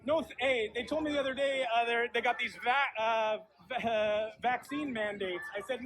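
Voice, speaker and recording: A man doing an in-character street prank at an outdoor protest, awkward and deadpan, breaking into shouted chants. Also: very high voice, moderate pace, hardly any pauses. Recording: noisy outdoor phone-camera audio.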